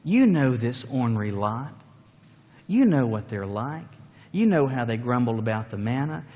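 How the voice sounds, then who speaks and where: A man's voice: mid-range voice, big pitch swings, moderate pace, mellow, in a large hall, pitched below the performer's own voice, natural voice. A man voicing a flustered older man who makes excuses and shifts the blame. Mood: coaxing. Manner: pleading, excuse-making.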